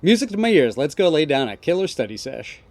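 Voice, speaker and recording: A man's voice: a little high, sing-song, fast, no room sound. A man voicing a friendly, upbeat young male gang boss who talks cheerfully and apologetically. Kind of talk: reading game dialogue aloud.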